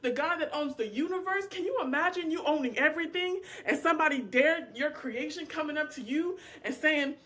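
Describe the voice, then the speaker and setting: A woman's voice: sits high, fairly quick, few pauses. A woman leading an informal Bible study, speaking with passion, acting out prayers and dialogue, and talking to her listeners in a casual, familiar way. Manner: impassioned, animated, acts out prayers and dialogue; colloquial, addresses listeners as y'all. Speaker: Bible teacher.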